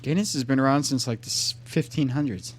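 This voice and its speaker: A man co-hosting a podcast in loud, joking, profane banter. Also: medium pitch, fairly quick, a little hiss or hum. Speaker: podcast co-host. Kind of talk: casual chat.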